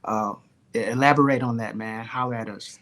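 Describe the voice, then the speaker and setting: A man's voice: medium pitch, fairly even intonation, brisk, a bit bright. A man moderating a panel, affirming the guests casually and prompting them to elaborate. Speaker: host, moderator.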